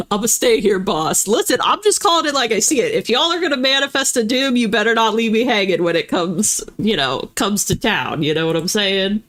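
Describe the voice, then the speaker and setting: A young Southern woman hosts a casual livestream, chatting with viewers and laughing easily. Her pitch rides up and down expressively, sitting at a middle height. When she slips into her routine announcements, she runs them off fast like an auctioneer. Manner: animated, laughs often, rapid auctioneer-like spiels. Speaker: livestream host.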